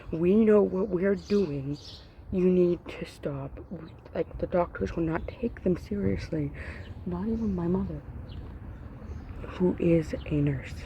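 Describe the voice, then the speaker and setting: A woman's voice: fairly low pitch, vocal fry, dark tone, slight background noise, poor audio. A young woman ranting to camera, upset and grieving, her voice breaking and dropping to whispers. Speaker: vlogger. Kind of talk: emotional rant to camera.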